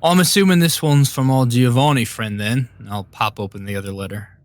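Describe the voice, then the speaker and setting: A man's voice: medium pitch, steady tone, fairly quick, no echo. A man playing a tabletop game, chatting casually and joking about doing voices for his character. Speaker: player.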